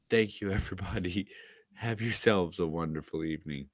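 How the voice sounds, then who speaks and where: A tired man rants through a home livestream, swearing and throwing out sarcastic asides. His voice sits on the low side. The sound is dry, with no room around it. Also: lively intonation, fairly quick, no echo. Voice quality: profane, sarcastic. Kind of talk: casual ranting livestream talk.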